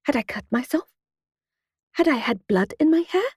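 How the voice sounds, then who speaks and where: A woman narrating a first-person audiobook in a steady, expressive storytelling manner into a close studio mic. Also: sits high, moderate pace, dry recording.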